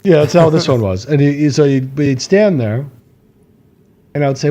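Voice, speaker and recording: A man's voice: a little high, moderate pace, pauses often, mellow. A man co-hosting a podcast, telling a long rambling story with many fillers, laughing and acting out quotes. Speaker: podcast co-host. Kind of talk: casual chat.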